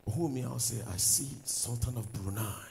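A man preaching a sermon as pastor, swinging from loud declarations to low asides. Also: moderate pace, creaky, slight background noise, low-quality recording.

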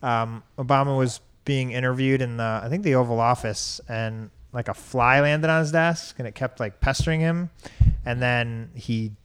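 A man chatting casually as a co-host, with a smooth, clear voice. He rambles through his stories in a frank, loose way and laughs easily. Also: medium pitch, normal speed, a bit bright. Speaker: podcast co-host. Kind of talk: casual chat.

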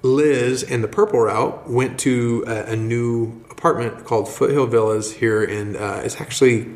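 A man co-hosting a podcast, telling a church story in a rambling, halting, excited way. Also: medium pitch. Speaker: podcast co-host, church member. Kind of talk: casual storytelling chat. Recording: roomy echo.

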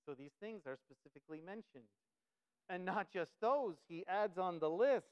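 A man preaching with a high, smooth voice that carries well. He drives his points home emphatically and slips into short acted quotes along the way. The recording is dull and lo-fi. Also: animated, normal speed. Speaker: pastor. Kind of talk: sermon.

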